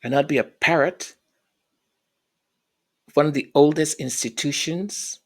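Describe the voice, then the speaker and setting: A woman's voice: low voice, measured pace, darkish tone. A woman giving an opinionated commentary rant, scornful and emphatic, repeating and tripping over her words. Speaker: royal commentary vlogger.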